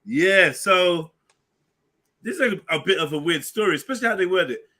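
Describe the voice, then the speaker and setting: Bright-voiced man hosting a stream. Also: sits high, animated, moderate pace. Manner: banters and teases the panel. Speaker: stream host. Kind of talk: casual panel chat.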